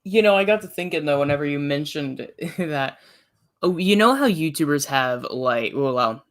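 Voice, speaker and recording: A streamer co-hosting a reaction show, telling stories in an animated, laughing way. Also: mid-range voice, normal speed. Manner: animated storytelling, laughs often, retells others in quotes. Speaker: co-host and streamer. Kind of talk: casual chat.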